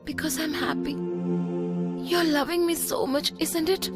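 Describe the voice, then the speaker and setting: A woman's voice: high voice, steady tone, unhurried, loud music behind the voice. An actress playing an affectionate young wife who coaxes and teases her husband in dubbed film dialogue. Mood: tender. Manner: tender, coaxing.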